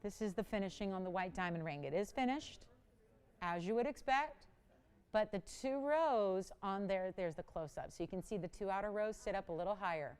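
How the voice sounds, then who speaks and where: A woman's voice: medium pitch, normal speed, a little mellow, clean tone. A woman hosting a live shopping channel, selling jewelry in a chatty, enthusiastic way and talking with callers and crew. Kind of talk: live jewelry sales pitch. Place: TV studio.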